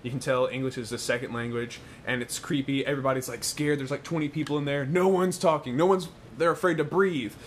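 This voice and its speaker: A young man in casual chat, telling a story with animated bursts and loud laughing exclamations. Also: mid-range voice, quick pace, hardly any pauses, slight background noise.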